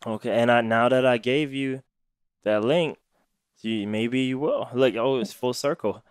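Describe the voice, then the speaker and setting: A man's voice: mid-range voice, a little slow, clean tone, no room sound, clean studio sound. A man hosting a podcast who asks questions in a laid-back, casual way and laughs along with his guest. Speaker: podcast host. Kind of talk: casual interview chat.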